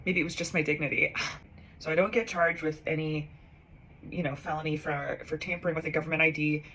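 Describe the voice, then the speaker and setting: A woman's voice: low-pitched, fairly even intonation, a little fast, sharp tone, slight background noise. A young woman, a comedian, telling a personal story in a casual, self-mocking way, acting out the dialogue with big jumps in her voice.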